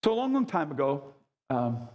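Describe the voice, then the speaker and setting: A man in his sixties preaching a sermon as a pastor, high-energy and emphatic with folksy asides. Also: sing-song, moderate pace, highs cut off. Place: church sanctuary. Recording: long church reverb.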